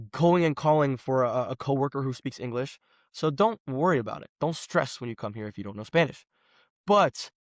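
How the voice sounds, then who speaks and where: A man's voice: medium pitch, no echo. Slangy young guy telling stories. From Los Angeles, USA. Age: 20s. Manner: animated storyteller, slangy, says "bro" often. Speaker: podcast guest. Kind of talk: casual podcast conversation.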